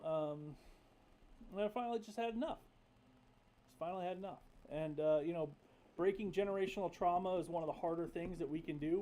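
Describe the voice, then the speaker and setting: A man's voice: high voice, dark tone. A young man from North Carolina, hosting a casual livestream, talking candidly and profanely with many fillers. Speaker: livestream host.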